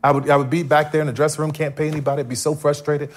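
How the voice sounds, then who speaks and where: A man giving a personal testimony as a guest before a live audience, telling his story with animated, acted-out dialogue. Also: a little high, racing. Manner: animated, acts out his past self in dialogue. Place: stage in front of a live audience.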